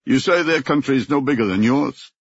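A man voicing a cool, worldly male captor who speaks in a calm, lecturing way, in an audiobook. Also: mid-range voice, a little fast, breathy edge, no room sound, voice pushed up. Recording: dull lo-fi recording.

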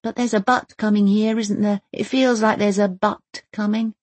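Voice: medium pitch, level tone, moderate pace, dry recording, pitched above the performer's own voice, lightly acted. An audiobook narrator voicing a spirited, stubborn young girl who keeps asking pointed questions. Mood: probing. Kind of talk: audiobook character voice.

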